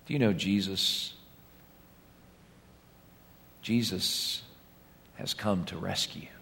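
A man's voice: deep voice, slow, creaky, bright, forceful tone. A man preaching a sermon as pastor, in an impassioned, dramatic way. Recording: long reverb of a large hall.

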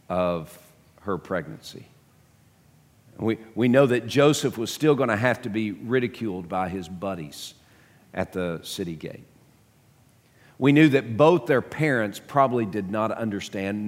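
A man's voice: low-pitched, big-room sound. A man preaching a sermon to his congregation, emphatic, often repeating words as he builds a point. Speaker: pastor. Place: church sanctuary.

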